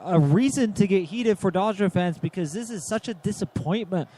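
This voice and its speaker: A man's voice: high voice, lively intonation, moderate pace, dark tone, slight background noise. A man co-hosting a live sports radio show, giving analytical play-by-play and building emphasis on key moments. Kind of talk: live game commentary.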